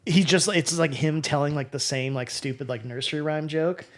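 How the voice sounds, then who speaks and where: A man with a fairly high voice, co-hosting a loose podcast chat. He laughs a lot and drawls through his stories, then jumps up loud when he jokes around. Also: moderate pace. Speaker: podcast co-host. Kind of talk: casual chat.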